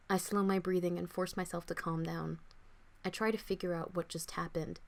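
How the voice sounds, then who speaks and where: A young woman, an author, reading her own fiction aloud in an expressive, dramatic first-person audiobook style. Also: lowish voice.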